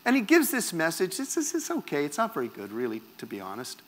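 A man's voice: a little high, fast talker. A man from Canada, preaching a personal testimony in a wry, self-mocking storytelling manner. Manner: animated, wry, self-mocking storyteller who acts out quotes.

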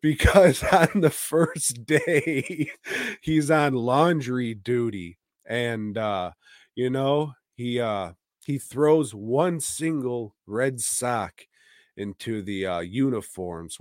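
A man's voice: medium pitch, drawn-out words, no echo, clean studio sound. A man co-hosting a podcast, retelling a film in a rambling, profane way with lots of fillers. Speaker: podcast co-host. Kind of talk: casual comedic chat.

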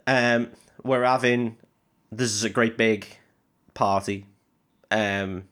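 A man co-hosts a podcast with a lowish voice. He retells a film in a rambling, jokey way, swearing often and filling gaps with ums. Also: steady tone, slow, fairly bright tone. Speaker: podcast co-host. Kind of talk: casual chat retelling a film.

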